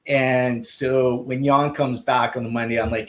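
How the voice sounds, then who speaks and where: A male swim coach as a podcast guest, telling anecdotes casually and acting out quoted dialogue, with halting restarts on heavy moments. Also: medium pitch, rough recording. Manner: lively, acts out quoted dialogue.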